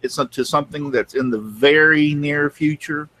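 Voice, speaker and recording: A man's voice: a little high, moderate pace, pushed and bright. A man, a grandfather co-hosting a casual live-stream chat who rambles and repeats himself. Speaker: co-host.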